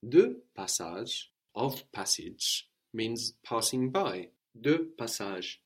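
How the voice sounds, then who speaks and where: A man with a somewhat low voice gives a French lesson at an unhurried pace. He explains patiently and repeats each phrase so his student can follow. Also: big pitch swings, slightly rough. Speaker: French teacher. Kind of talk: language lesson.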